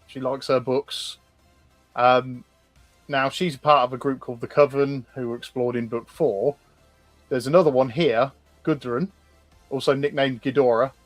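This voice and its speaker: A man's voice: medium pitch, no echo. A man co-hosting a livestream, casually explaining characters with frequent ums and restarts. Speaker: co-host presenting concept art.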